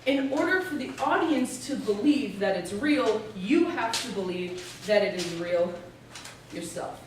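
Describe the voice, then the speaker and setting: A young woman giving an informative speech as a student presenter, explaining steadily with the odd filler pause. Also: medium pitch, animated, noisy background. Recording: echoey room, voice from a distance.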